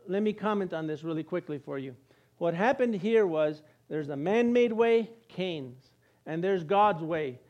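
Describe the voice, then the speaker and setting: Middle-aged pastor guy, high voice, chatty sermon w/ jokes and little acted bits. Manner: lively, joking asides, acts out quoted voices. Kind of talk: conversational sermon.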